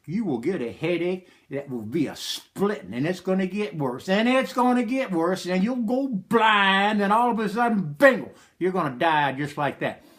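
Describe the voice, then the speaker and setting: A man voicing a calm, blunt male country doctor, giving flat matter-of-fact warnings. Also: sits high, moderate pace, few pauses.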